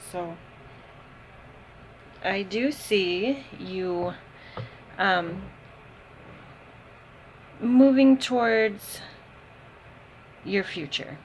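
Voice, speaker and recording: Slow-talking woman reading tarot. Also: mid-range voice, a little hiss or hum, low-quality recording. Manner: unhurried, thinking aloud with many ums. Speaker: tarot reader. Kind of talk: casual tarot reading to camera.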